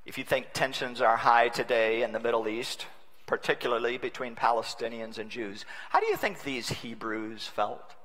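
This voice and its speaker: A man preaching a sermon as a bishop, wry and humorous, swinging between loud and hushed delivery. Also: medium pitch, moderate pace. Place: large conference hall. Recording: long reverb of a large conference hall.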